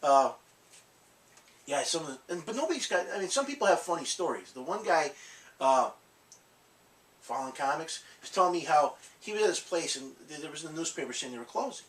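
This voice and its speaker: A man's voice: on the high side, sing-song, brisk, distant mic. A man hosting a collectibles channel, telling rambling stories in casual chat, laughing often and swearing. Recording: echoey room, off-mic, faint noise.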